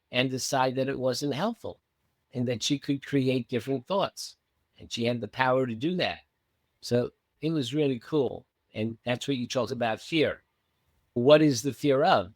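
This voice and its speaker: In a mid-range voice with no echo, a man who coaches meditation recounts a story conversationally. He's animated and performs the quoted lines of each person in it.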